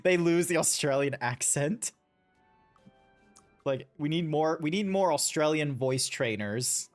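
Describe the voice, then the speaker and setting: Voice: mid-range voice, a little slow. A streamer chatting casually while playing, rambling with lots of fillers. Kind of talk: casual chat while gaming. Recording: background music under the voice.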